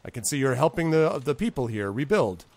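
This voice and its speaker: A man voicing a mysterious, guarded half-elf stranger who speaks in a clipped, measured way. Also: mid-range voice, big pitch swings, darkish tone, pitched above the performer's own voice.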